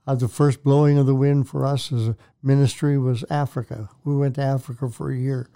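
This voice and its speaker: A man's voice: mid-range voice, little pitch movement, a little fast, mellow, clean tone. An older man, a minister, telling his faith story to an interviewer in an earnest, preacherly way that repeats phrases for emphasis. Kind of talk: testimony in a Christian talk show interview.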